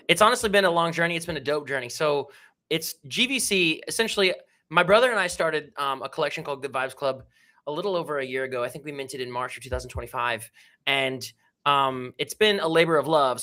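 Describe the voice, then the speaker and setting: An enthusiastic male guest talks in a loose, slangy, upbeat way on a casual livestream. His voice is bright and a little high. He comes across as eager throughout. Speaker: guest, project founder.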